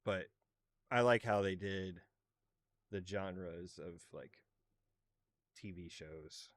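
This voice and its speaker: A man's voice: deep voice, slow pace. A man co-hosting a podcast, chatting casually and joking around, now and then mocking accents. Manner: joking, animated, puts on mock British voices. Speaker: podcast co-host. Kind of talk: casual chat.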